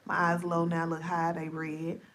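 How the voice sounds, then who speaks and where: Tired and talkative, this female streamer speaks in a low, monotone, slightly slow voice with a fairly bright tone. She jokes straight to her audience as her sleepy voice turns deep and scratchy during casual live-stream chat.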